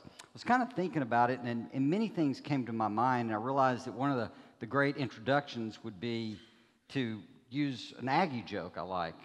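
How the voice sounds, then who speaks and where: A man's voice: mid-range voice, a bit bright. A man from Alabama, preaching as a guest speaker in a chatty, joking way with plenty of fillers. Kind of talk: sermon with jokes. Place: church sanctuary. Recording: long reverb of a church hall.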